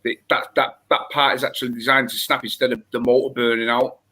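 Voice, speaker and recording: A man's voice: medium pitch, level tone, fast, bright, forceful tone. A man chatting casually in a rambling way, repeating himself and calling people mate. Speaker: regular on a reef-keeping livestream. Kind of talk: casual banter.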